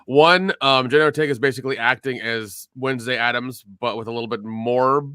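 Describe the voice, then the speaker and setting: A man in a casual film review chat, easygoing and quick to joke. His voice is mid-pitched, bright and forward, with a smooth, clear tone. The recording is close and dry. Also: no echo. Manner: easygoing, agreeable, joking. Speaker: podcast co-host.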